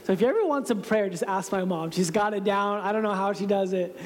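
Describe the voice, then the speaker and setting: A man's voice: high voice, quick pace, few pauses. A man in his thirties giving a storytelling sermon as a pastor, conversational and self-deprecating, often laughing at himself. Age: 30s. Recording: reverberant hall sound.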